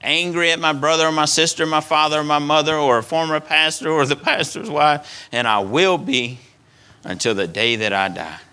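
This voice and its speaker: Bright-voiced male pastor preaching. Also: on the high side, moderate pace, clean tone. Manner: earnest preaching, acts out voices of stubborn people, repeats words. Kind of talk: sermon.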